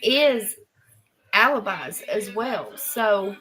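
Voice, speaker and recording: A woman's voice: medium pitch, fairly bright tone, soft background music, low-quality recording. A woman, casually thinking aloud while playing a mystery game. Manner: slow, unhurried, musing aloud. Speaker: co-player on a live stream.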